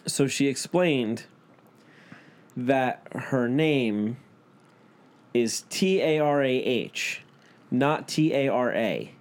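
A man's voice: mid-range voice, extremely slow, long pauses. A man hosting a podcast, telling a story in casual chat, swearing a lot, laughing, and acting out what he and others said. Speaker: podcast host.

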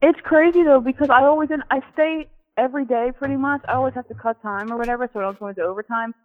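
High-voiced young man venting. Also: fast talker, narrow, tinny audio. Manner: venting, rambling, self-deprecating. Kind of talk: casual chat.

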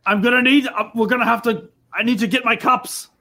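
High, bright-voiced male player. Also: a little fast. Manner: animated, in-character chatter. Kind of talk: playing a tabletop game.

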